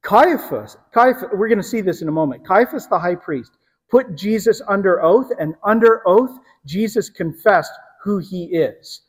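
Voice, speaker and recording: Guy preaching slow n dramatic, kinda high voice, big echoey hall. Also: lively intonation. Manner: dramatic storytelling, emphatic, drops to hushed tones. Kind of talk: sermon.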